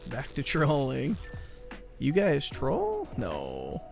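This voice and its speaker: A man's voice: mid-range voice, moderate pace, gravelly, faint music behind. A man streaming live, chatting with his viewers in a rambling, joking, mock-exasperated way. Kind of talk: casual chat with viewers.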